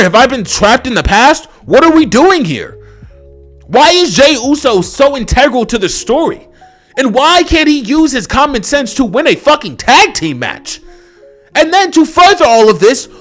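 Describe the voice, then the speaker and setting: A man's voice: very high-pitched, a bit bright. A young man ranting unscripted as a wrestling reviewer, exasperated and profane, full of fillers. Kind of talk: unscripted rant.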